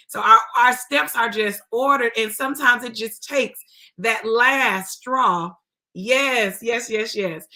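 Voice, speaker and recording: A woman's voice: on the high side, sharp tone. A woman hosting a talk show, speaking with an effusive, preacher-like cadence and strong emotion.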